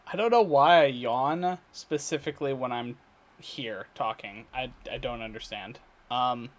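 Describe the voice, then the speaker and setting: A man talking casually in a daily video diary, rambling and halting with many fillers, restarts and throat clearing. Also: mid-range voice. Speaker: vlogger. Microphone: computer recording setup.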